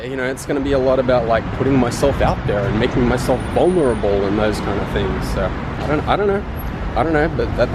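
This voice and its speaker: An Australian man vlogging casually outdoors, rambling and swearing, turning animated when he tells a story. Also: medium pitch. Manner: rambling, profane, animated when telling stories. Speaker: travel vlogger. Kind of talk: casual walking vlog. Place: outdoors by a windy beach and city road. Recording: wind and traffic noise outdoors.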